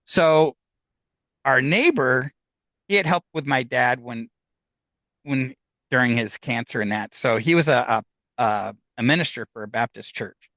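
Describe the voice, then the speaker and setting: A man, a podcast guest, telling a story in a casual, animated way and acting out the dialogue with laughs between lines. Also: medium pitch, unhurried, pauses often, no echo, poor audio.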